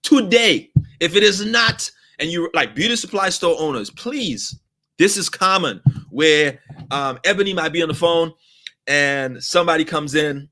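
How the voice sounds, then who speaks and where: A man's voice: fairly high pitch, measured pace, pushed and bright. A middle-aged man who teaches customer service, telling a story in an exasperated, emphatic way with laughter. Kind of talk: animated storytelling lesson.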